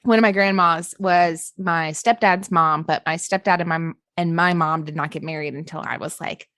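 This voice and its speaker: A woman's voice: lowish voice, steady tone, normal speed, fairly bright tone, dry recording. A woman hosting a podcast interview, talking earnestly and casually, full of "like" fillers and the odd swear word. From Appalachia. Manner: earnest, heavy use of "like", swears. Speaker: podcast host.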